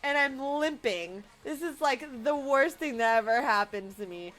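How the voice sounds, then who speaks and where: High-voiced, rambling young woman. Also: expressive, measured pace, a bit bright. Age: late 20s. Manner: emotional, rambling, laughing through tears. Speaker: streamer. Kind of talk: casual storytelling to viewers.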